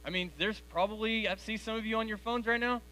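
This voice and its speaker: A man's voice: high voice, steady tone, fast, bright, forceful tone, a little hiss or hum. A man in his forties giving a direct, conversational youth sermon to teenagers in a church hall. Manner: direct, conversational, addresses teens as guys. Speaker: youth speaker.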